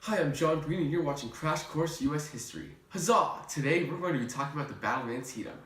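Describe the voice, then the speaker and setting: A man's voice: fairly high pitch, a bit bright, pitched above the performer's own voice, close to an everyday voice. Young man doing a cheery history video host. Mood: upbeat. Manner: brisk, cheery lecture delivery. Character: upbeat male online history video host.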